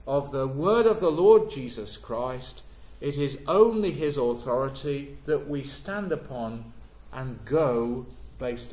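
A man delivers a sermon slowly, stressing each repeated phrase with emphasis. His voice sits a little high. The recording is dull and lo-fi, with a roomy church echo. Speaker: preacher. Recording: echoey church, dull lo-fi sound.

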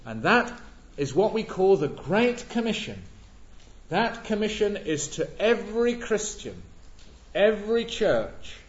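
A man preaching a sermon, measured and emphatic, leaning on repeated words. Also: high voice. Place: church. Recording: echoey church, dull lo-fi sound.

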